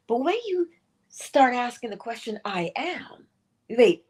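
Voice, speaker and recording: Slow, lively spiritual woman host. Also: a little high, breathy edge. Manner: playful, laughs often, acts out quotes. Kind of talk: spiritual morning talk.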